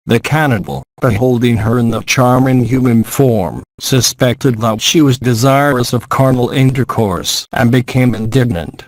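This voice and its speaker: A man reads an ancient epic aloud in a measured, formal way. His voice sits at a middling male pitch. The recording is dry and close, with no room echo. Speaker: audiobook reader.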